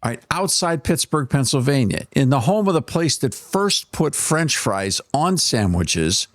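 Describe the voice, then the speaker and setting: A man's voice: medium pitch, a little slow, dry recording, studio quality. A man co-hosting a casual talk show, playful and teasing as he starts the conversation. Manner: playful, teasing, lively emphasis. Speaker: podcast co-host. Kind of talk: casual chat.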